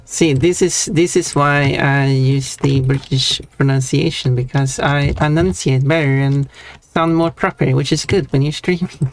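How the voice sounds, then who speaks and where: A Swedish man with a Swedish accent chats playfully on a stream in a slightly high voice with fairly even intonation. He draws out his words and laughs between them.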